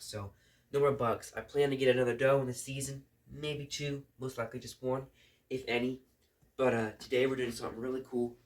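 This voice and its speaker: A young man, chatting casually to camera as an outdoors vlogger, rambling and folksy, his voice still rough from a recent illness. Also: mid-range voice. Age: young adult. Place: outdoors at a farm in winter.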